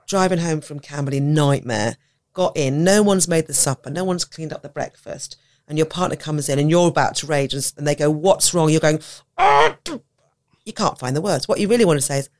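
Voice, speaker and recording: A woman talking on a podcast about teaching, animated, often acting out quoted voices and laughing. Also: low-pitched. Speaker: podcast guest, autism educator. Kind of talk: conversational podcast talk.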